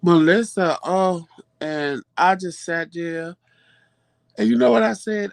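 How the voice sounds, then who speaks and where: Guy with a highish gravelly voice, dry close sound, ranting dramatic story w lots of cussing, kinda hoarse. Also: takes it slowly, dry recording. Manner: dramatic, profane, animated retelling. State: voice going hoarse. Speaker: vlog host. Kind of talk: casual storytelling chat.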